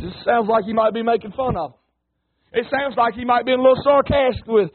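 Man preaching, very high voice, folksy and emphatic, narrow phone-like sound. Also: fairly quick. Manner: folksy and emphatic, calls on the congregation. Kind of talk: sermon.

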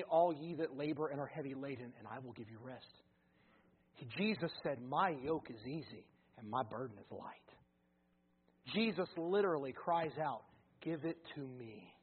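A man preaching a sermon as pastor, moving from loud fervent stretches to quiet, intimate asides. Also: on the high side, slightly rough. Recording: phone-like narrow band.

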